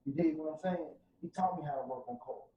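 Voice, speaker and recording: A man's voice: a little high, fairly quick, dull audio, slight background noise. Fervent St. man, roomy distant sound. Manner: fervent, preacher-like, swings from soft to loud. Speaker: podcast guest. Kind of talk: emotional testimony in casual podcast talk. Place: podcast studio room.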